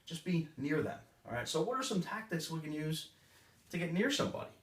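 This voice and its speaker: In a live sales seminar, a man with a fairly high, very animated voice trains the audience at a fairly quick clip, speaking punchily and acting out short customer exchanges. The recording is roomy and distant.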